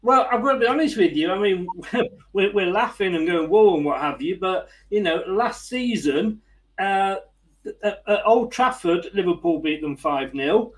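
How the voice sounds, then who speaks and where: A man's voice: high voice, animated, normal speed, low-quality recording. A man hosting a casual football chat, chatty and laughing easily. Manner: chatty, laughing, frequent fillers. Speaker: host.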